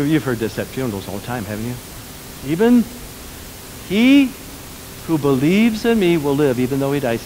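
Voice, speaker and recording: A man pastor preaching a sermon, swinging between loud, emphatic lines and quiet, lowered ones. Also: slight background noise, low-quality recording.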